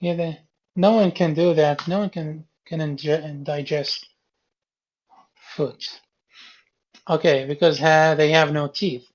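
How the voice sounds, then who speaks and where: A male teacher talks through quiz answers at an unhurried, deliberate pace, saying key words again and again until they stick. His voice comes through a dull, lo-fi classroom recording. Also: a little high, fairly even intonation. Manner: repeats key words patiently, explaining step by step. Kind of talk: going over a reading quiz with a class.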